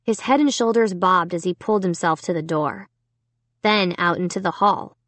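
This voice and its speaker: Lady reading a creepy kids' book, steady and suspenseful, close dry mic. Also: on the low side, normal speed, no room sound. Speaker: audiobook narrator. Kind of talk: first-person storybook narration.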